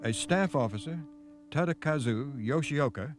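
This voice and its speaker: A man narrating a television news documentary in a measured, grave scripted delivery. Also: fairly high pitch, expressive, faint music behind. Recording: faint noise on a VHS broadcast.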